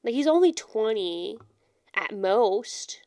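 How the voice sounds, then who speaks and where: A woman's voice: on the high side, expressive, slow pace, darkish tone, no room sound, clean studio sound. A young woman co-hosting a podcast, chatting casually about a book and acting out characters in slangy paraphrase. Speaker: podcast co-host.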